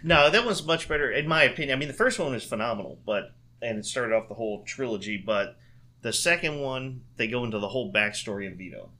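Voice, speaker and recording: A man co-hosting a casual podcast chat, relaxed and jokey, retelling scenes with quoted lines. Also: mid-range voice, fast talker. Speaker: podcast co-host.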